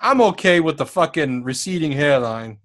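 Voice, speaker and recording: A man's voice: a little high, very animated, normal speed, a bit bright. A man putting on a stereotypical Italian accent to comically dub a crude, brash middle-aged tough guy in a movie. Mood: brash, rowdy. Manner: profane, brash, laughing through lines.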